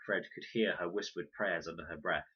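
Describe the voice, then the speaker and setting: A man reading a children's novel aloud in an expressive, animated way. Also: low-pitched, a little fast, husky. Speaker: storybook reader. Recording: dull lo-fi recording.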